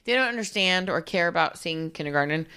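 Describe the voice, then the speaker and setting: Animated bright-voiced woman telling stories. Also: lowish voice, fast talker, clear, resonant tone. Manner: animated storyteller, acts out voices. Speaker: podcast co-host. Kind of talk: casual chat.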